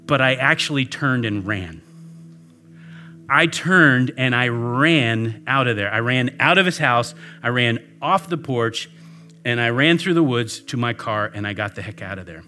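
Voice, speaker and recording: Bright-voiced man preaching slowly. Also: mid-range voice, lively intonation, faint music behind. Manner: storytelling, earnest. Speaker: pastor. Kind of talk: sermon.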